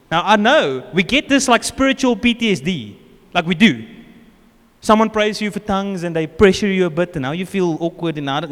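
A man with a South African accent preaches a casual, joking, conversational sermon as pastor in a church hall, often acting out what people say. His voice sits high and is expressive, brisk and a bit bright. Long church reverb fills the recording.

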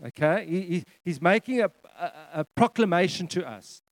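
Middle-aged male pastor, slightly high voice, dry close sound, preaching with emphatic repetition and frequent restarts. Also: expressive, moderate pace, no room sound. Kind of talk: sermon.

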